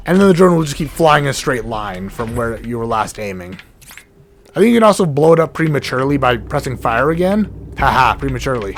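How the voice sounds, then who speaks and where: A man hosting a let's play, giving casual rambling commentary with frequent self-corrections and jokey asides, his voice going hoarse and cracking. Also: on the high side, a little hiss or hum. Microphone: desk mic with a cable that gets knocked. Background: game music.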